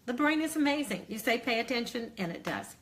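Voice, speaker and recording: A woman's voice: fairly high pitch, animated. Friendly teacher woman sharing classroom tips. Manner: demonstrates chants in a bright, slow singsong; friendly, encouraging explanation. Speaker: early childhood educator. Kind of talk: teacher training demonstration.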